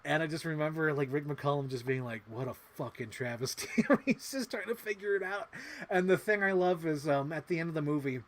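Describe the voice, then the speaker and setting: A man hosting a casual livestream, rambling excitedly and swearing often, acting out little movie quotes as he talks. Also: fairly high pitch, fairly quick, slight background noise. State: emotional. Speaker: livestream host.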